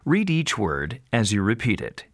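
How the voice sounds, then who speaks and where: A man giving scripted instructions in a pronunciation lesson, slow and carefully enunciated. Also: lowish voice, wildly swooping pitch, no room sound, clean studio sound.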